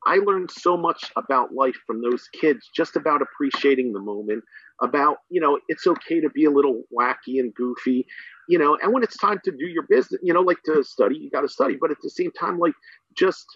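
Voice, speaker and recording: A man's voice: on the high side, fairly quick, fairly bright tone, slightly rough, no echo. A man guest, a middle school teacher and coach, rambling enthusiastically in a casual podcast conversation with many fillers. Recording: dull dry sound.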